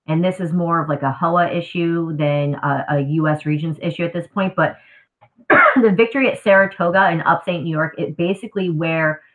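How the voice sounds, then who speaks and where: A woman history teacher with a scratchy throat, giving a casual, conversational live review lesson. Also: sits low. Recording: tinny phone-like audio.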